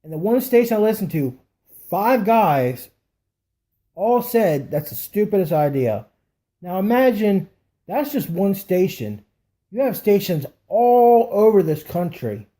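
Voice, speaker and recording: A man's voice: high-pitched, sing-song, slow pace, mellow. A man co-hosting a sports podcast, worked up and emphatic as he agrees with his partner. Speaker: podcast co-host. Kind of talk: casual sports talk.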